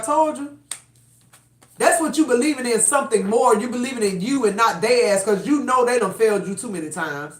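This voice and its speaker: A woman's voice: fairly high pitch, expressive, a little fast. A woman doing a live-stream tarot reading, blunt and profane, with fired-up, emphatic delivery. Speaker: tarot reader. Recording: roomy echo.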